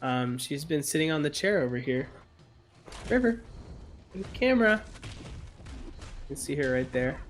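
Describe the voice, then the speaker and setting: A man's voice: fairly high pitch, animated, normal speed, long pauses, slight background noise. Upbeat streamer man reading chat aloud. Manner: upbeat, reads chat aloud, jokes around. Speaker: streamer host. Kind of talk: casual gaming stream chat.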